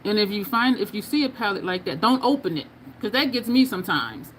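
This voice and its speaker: A woman's voice: medium pitch, animated, a little fast, a bit bright, a little hiss or hum. A woman hosting a casual makeup livestream, chatting, laughing often and reading viewer comments aloud. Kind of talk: casual livestream chat while doing makeup.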